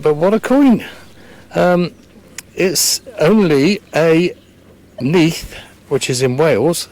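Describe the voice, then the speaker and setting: A man vlogs his metal detecting in an open farm field, talking to the camera and thinking aloud in a hesitant, chatty way. His voice is on the high side and a little mellow.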